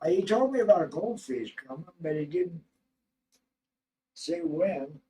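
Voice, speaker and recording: A man's voice: fairly high pitch, expressive, measured pace, warm tone, recorded from a distance, rough recording. A man co-hosting a casual livestream, dropping short dry remarks. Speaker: livestream co-host. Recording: voice from off the mic.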